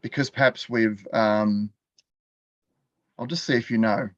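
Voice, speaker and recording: A man's voice: lowish voice, fairly even intonation, a little slow, dry recording, muffled recording. An Australian man teaching a live online class from his computer. He talks in a chatty way, laughs often and quizzes the viewers in the chat. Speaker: continuing education teacher.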